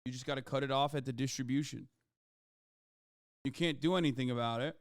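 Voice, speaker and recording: A man's voice: mid-range voice, a little fast, no room sound, studio quality. A man streaming live commentary, ranting heatedly and swearing often. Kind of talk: livestream commentary.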